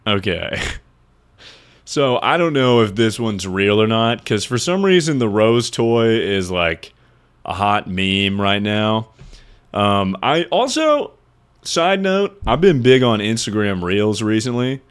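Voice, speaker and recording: A man's voice: on the low side, sing-song, takes it slowly, clean tone. A man streamer chatting casually to his viewers, rambling and swearing freely as he reacts to confessions. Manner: loose, rambling and profane. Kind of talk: casual livestream chat.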